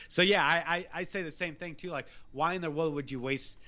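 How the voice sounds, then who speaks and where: A man talking as a guest, telling a story in a heated, animated way with casual slang. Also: fairly high pitch, a little fast, hardly any pauses. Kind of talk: casual conversation.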